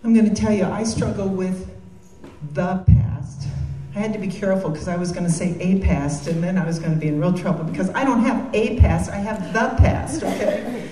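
A woman's voice: mid-range voice, moderate pace, dark tone. A woman giving a devotional talk, earnest and heartfelt, with joking asides. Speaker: Christian speaker. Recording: echoey room from a distance.

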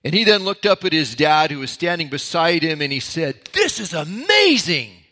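A man with a bright, forceful voice that sits a little high for a man. He teaches a sermon in a relaxed, storytelling way. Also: fairly quick. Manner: storytelling, conversational. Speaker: pastor. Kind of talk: sermon-style Bible teaching.

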